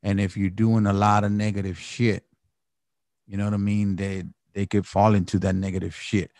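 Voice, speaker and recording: A man's voice: fairly low pitch, level tone, normal speed, darkish tone, dry recording. A man hosting a podcast who reviews a song in casual chat. He rambles loosely and swears freely. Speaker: podcast host reviewing music.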